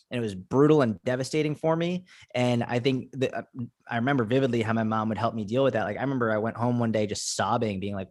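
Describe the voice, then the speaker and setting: A young man, a fitness coach appearing as a podcast guest, tells personal stories casually in an interview, packing his speech with fillers, especially "like." His medium-pitched voice is quick and darkish, recorded cleanly in a studio with no echo.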